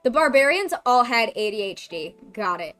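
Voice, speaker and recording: Goofy high-voiced woman streamer. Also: big pitch swings, moderate pace, sharp tone, soft background music. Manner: goofy, swears, riffs with chat. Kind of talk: casual gameplay chat.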